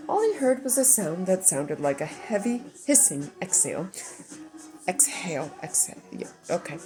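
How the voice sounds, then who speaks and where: Low-voiced woman reading her story. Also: darkish tone, poor audio. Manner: chatty, self-deprecating asides between narration. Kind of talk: story reading with casual asides.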